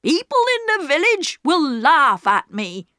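A woman's voice: high voice, sing-song, pushed and bright, no echo, clean studio sound, pitched above the performer's own voice, heavily acted. Woman putting on a proud, stubborn working man. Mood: angry. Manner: slow, stubborn, heavy emphasis. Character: proud poor working man, railway porter.

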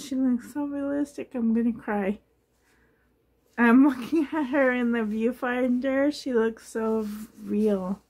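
Woman, fairly high voice, slow, rambling, gushing, laughing often, home nursery. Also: vocal fry, darkish tone, husky. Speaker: doll collector vlogger. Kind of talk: casual rambling vlog chat.

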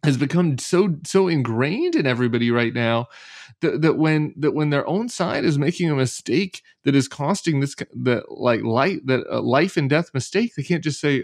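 A man as a podcast guest talking politics in an animated, exasperated, sardonic way with tumbling restarts. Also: mid-range voice, moderate pace, no room sound, studio quality.

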